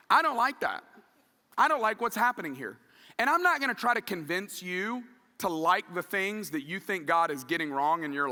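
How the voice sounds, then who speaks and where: A middle-aged man preaching a sermon in a church, conversational and animated, acting out quoted asides. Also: high voice, long reverb tail. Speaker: pastor. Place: church sanctuary.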